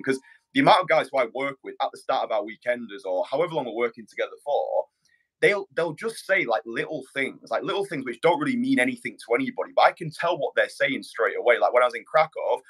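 A man coaching on a podcast in a mid-pitched voice, loose and blunt. He swears freely and trips through restarts and fillers as he makes his point. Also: lively intonation, quick pace, a bit bright, slightly rough. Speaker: dating coach, podcast host. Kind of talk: casual podcast chat.

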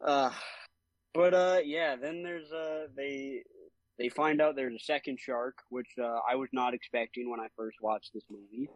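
A young man co-hosting a casual movie podcast, talking at an everyday middle pitch. He gets animated, laughs a lot and acts out quotes, and his voice sits close and dry on the mic. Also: a little slow, no echo, highs cut off. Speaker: podcast co-host.

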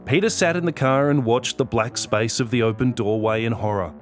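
A man's voice: mid-range voice, fairly quick. Man narrating an audiobook over guitar. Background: guitar music.

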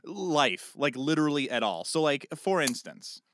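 A man co-hosting a casual chat podcast, telling an animated story and acting out a phone call. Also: a little high, moderate pace, dry recording, clean studio sound. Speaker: podcast co-host.

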